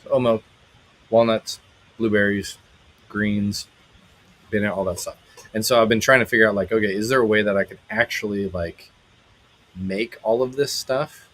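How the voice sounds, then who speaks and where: Man, live-stream host, casual chat, low pitch, breathy voice, halting and filler-heavy. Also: steady tone, low-quality recording. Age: adult, married. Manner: rambling and halting, many fillers, brightens when greeting viewers. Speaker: musician hosting a live stream.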